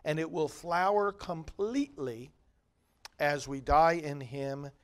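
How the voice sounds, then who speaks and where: Slow, solemn priest reading scripture. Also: male voice, on the high side. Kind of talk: liturgical readings and homily.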